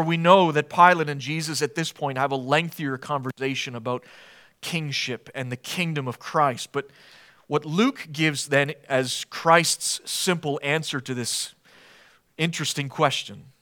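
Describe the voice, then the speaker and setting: An earnest male preacher delivers a verse-by-verse sermon, his voice pitched high and bright with a forceful edge. He leans hard on emphasis and keeps throwing rhetorical questions at his listeners. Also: moderate pace. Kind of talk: expository sermon.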